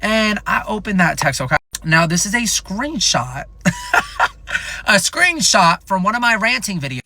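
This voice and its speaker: A young man in his twenties telling a casual storytime vlog in an animated, profane, rambling way. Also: high voice, moderate pace, slight background noise. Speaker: content creator.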